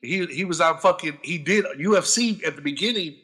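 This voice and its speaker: Male podcast guest, bright and fairly high voice, animated storyteller who swears freely. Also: brisk, breathy edge. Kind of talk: casual profane storytelling.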